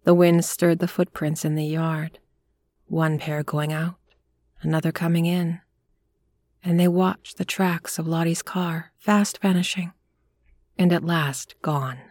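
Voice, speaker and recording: Woman storyteller, low-ish voice, unhurried hushed read, dry close sound. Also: fairly even intonation, no room sound. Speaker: audiobook narrator. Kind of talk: scripted story narration.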